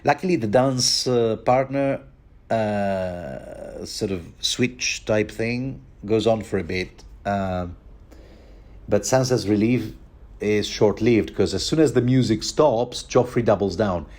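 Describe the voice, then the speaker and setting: A man's voice: on the low side, slow, a little mellow. A man giving a rambling, chatty book commentary, joking and chuckling as he goes. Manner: rambling, chuckling, many fillers and restarts.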